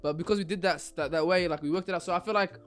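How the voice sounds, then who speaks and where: Fast-talking man telling a story. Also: sits high, clear, resonant tone, soft background music. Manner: animated storytelling, acts out voices. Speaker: podcast co-host. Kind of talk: casual chat.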